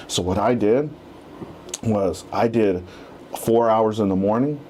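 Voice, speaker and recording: A man in his thirties, a real estate agent and podcast guest, telling his story in a casual, animated way and acting out the quotes. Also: lowish voice, slow pace, long pauses, slight background noise.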